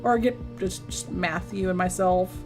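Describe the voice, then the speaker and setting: A woman's voice: fairly low pitch, fairly even intonation, measured pace, over music. A woman streaming a game and chatting casually, rambling with restarts and acting out quoted lines. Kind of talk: casual live-stream chat while gaming.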